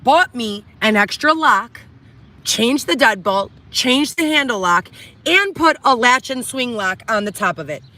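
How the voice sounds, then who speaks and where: Middle-aged woman, bright and sharp-edged voice, agitated profane rant to camera, reality show, tent setting. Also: fairly high pitch, lively intonation, unhurried. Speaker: reality show cast member. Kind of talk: distraught monologue to camera. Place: inside a tent.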